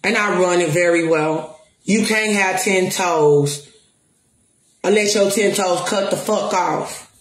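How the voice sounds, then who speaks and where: A defiant woman, a spiritual counselor and music promoter, rants at the camera in a confrontational, profane way, repeating and stressing her words. Her voice is lowish and she speaks slowly. The space sounds roomy and echoey.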